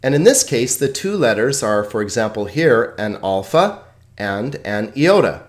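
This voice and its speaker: Lively, joking man teaching a lesson. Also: mid-range voice. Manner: chatty, joking, laughs at own puns; slow, careful pronunciation of example words. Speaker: Greek teacher. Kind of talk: recorded video lesson.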